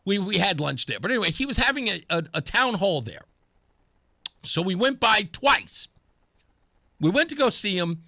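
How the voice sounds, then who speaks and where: Speaking at a normal speed but pausing often, a high-pitched man runs an opinionated monologue on his radio talk show. He gets animated playing out the lines he quotes and laughs at his own jokes, all captured in studio quality without room sound.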